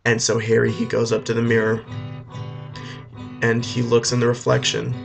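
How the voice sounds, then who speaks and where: Rambling deadpan male storyteller. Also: mid-range voice, moderate pace, gravelly. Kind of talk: comic retelling over music. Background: faint guitar music.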